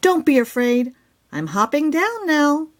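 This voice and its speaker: A woman's voice: big pitch swings, measured pace. Woman voicing Pumpkin, a timid motherly hen. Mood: coaxing. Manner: high, urgent warnings turning soft and coaxing. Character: small gentle hen, timid but motherly. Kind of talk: children's storybook read-aloud.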